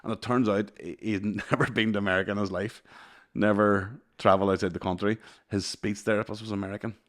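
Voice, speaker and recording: A man's voice: on the low side, fairly even intonation, fast. A Northern Irish man in his thirties telling stories in a casual, sweary chat, laughing often. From Northern Ireland. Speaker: podcast host.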